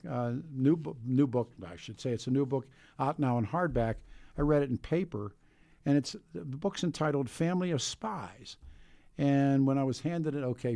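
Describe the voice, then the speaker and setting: Gravelly, mellow-voiced male radio host. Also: fairly high pitch, no room sound. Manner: rambling, with frequent restarts. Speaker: radio talk show host. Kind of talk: casual radio talk.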